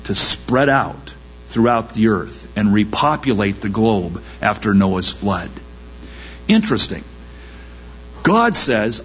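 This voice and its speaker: A man's voice: on the low side, sing-song, slow, long pauses, fairly bright tone, dull audio, slight background noise. A man preaching a sermon, impassioned, firing off rhetorical questions and pushing his voice up sharply on exclamations. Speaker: pastor.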